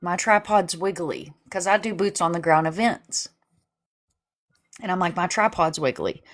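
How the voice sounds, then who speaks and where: A middle-aged woman in casual chat, an animated storyteller who acts out dialogue as she talks about her work streaming vigils for families. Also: fairly low pitch, unhurried. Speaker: missing-persons advocate who live streams vigils.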